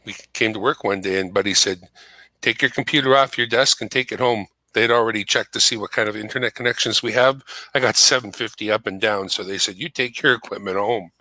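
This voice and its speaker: A man's voice: fairly low pitch, steady tone, fairly quick, pushed and bright, no echo, rough recording. A man chatting casually from his home computer setup, explaining things at length. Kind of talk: casual chat.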